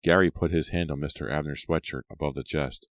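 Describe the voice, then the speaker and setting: A man narrating an audiobook in a steady storytelling voice. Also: extremely low pitch, a little fast, no room sound. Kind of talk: scripted narration.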